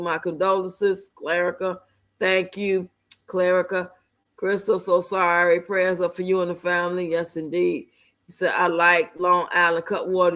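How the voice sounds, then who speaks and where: A woman's voice: fairly low pitch, fairly bright tone. A woman livestreaming, reacting bluntly to a clip and chatting with viewers in casual slang. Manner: blunt, salty, laughing commentary with slang. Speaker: livestreamer reacting to videos and reading chat. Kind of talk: casual live stream chat.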